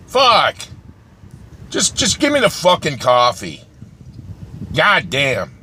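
A man rants with constant swearing and exasperation, his pitch swinging widely. His voice is bright and forceful. Faint vehicle noise hums behind him. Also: huge pitch swings, takes it slowly, pauses often. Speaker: vlogger. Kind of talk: profane comedic rant.

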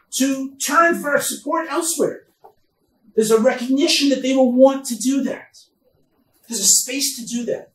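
A man teaching a Bible study class as rabbi, reading verses slowly and then explaining them with emphatic stresses. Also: extremely high pitch. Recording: echoey room, mic far off, faint noise.

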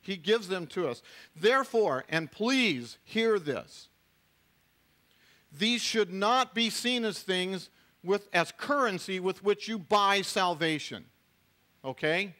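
A man's voice: high-pitched, expressive, takes it slowly, sharp tone. A middle-aged man, a pastor, preaching a sermon in a conversational way, with frequent restarts and asides to the congregation.

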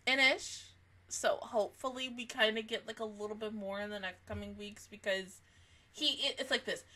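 A woman giving a casual anime reaction review, excitable and swearing, swinging between laughter and mock crying. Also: mid-range voice, normal speed.

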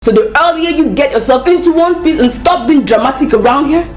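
A woman's voice: high voice, animated, a little fast, faint music behind. A woman with a Nigerian accent playing an exasperated young woman who scolds her friend in disbelief. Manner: scolding, incredulous. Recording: echoey room.

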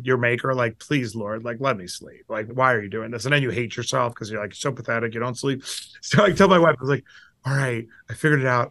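A middle-aged man as an interview guest, telling candid, self-deprecating stories and acting out the things people said. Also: no room sound. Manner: animated, acts out quotes with big pitch jumps. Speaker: guest investor. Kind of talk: storytelling interview answers.

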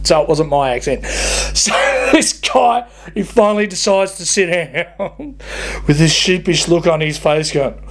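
Slow-talking sweary bus driver. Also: male voice, a little high, gravelly. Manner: blunt, sweary, laughing at his own stories. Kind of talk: comic ranting monologue.

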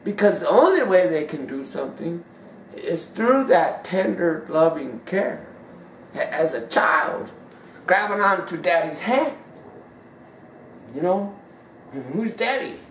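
A woman preaching a sermon emphatically, swinging from loud high peaks down to hushed drops. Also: very animated, takes it slowly, pauses often, slight background noise. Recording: roomy sound from a distant mic.

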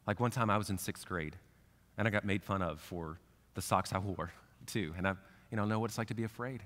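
A man's voice: fairly low pitch, brisk. Man preaching a sermon in a reverberant church. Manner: conversational preaching, swings from hushed to fervent. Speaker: pastor. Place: church sanctuary.

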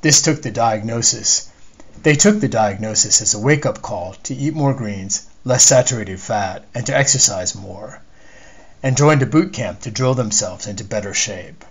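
A man, the author, reading a chapter of his novel aloud in measured storytelling narration. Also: on the low side, husky, poor audio. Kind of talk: scripted narration.

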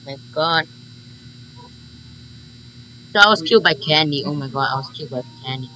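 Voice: medium pitch, normal speed, pauses often, slight background noise, low-quality recording. A gamer giving live commentary on a horror game, panicking, repeating short phrases and swearing under stress. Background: loud game music.

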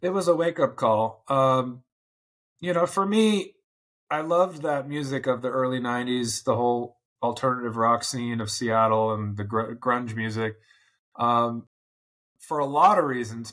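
A man's voice: medium pitch, a bit bright. A man in his forties, a podcast guest, talking thoughtfully and earnestly with frequent restarts. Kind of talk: reflective interview talk.

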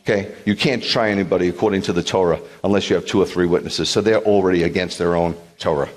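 A middle-aged rabbi with a low voice preaches to his congregation. He retells the story with drama, acting out the people in it, sometimes loud and sometimes hushed. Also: fast. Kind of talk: sermon.

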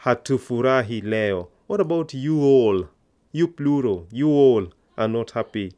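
A man's voice: mid-range voice, expressive, measured pace, mellow. Man teaching a language lesson. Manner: patient, coaxing learners to answer aloud.

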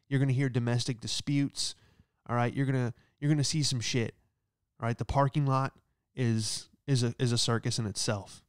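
A male comedian in the middle of a stand-up monologue, sarcastic and rambling, checking in with a steady "all right?" His voice sits at an ordinary pitch with a smooth, resonant clarity. It is recorded dry and close, with no room sound. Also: dry recording. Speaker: comedian host.

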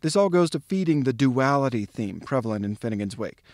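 A man in a pronunciation tutorial speaks at a middle pitch, measured and explanatory. He drills difficult words syllable by syllable. The recording is dry, with almost no room sound. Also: animated, a little mellow, no echo. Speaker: literature tutor.

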